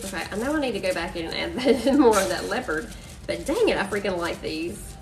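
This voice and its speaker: A woman's voice: medium pitch, lively intonation, brisk, distant mic, noisy background. A woman hosting a chatty live-stream crafting demo, bubbly and full of "y'all". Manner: bubbly, says "y'all" and "freaking" a lot. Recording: voice a bit off-mic, faint music behind.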